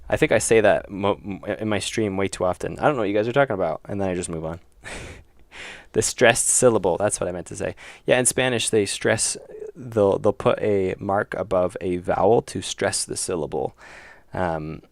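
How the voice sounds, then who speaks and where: Low gravelly dude live-streaming his game dev, joking around and talking to himself, real dry close sound. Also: moderate pace, no echo. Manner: thinks aloud, joking and self-correcting. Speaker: indie game developer streaming. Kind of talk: casual livestream chat while working.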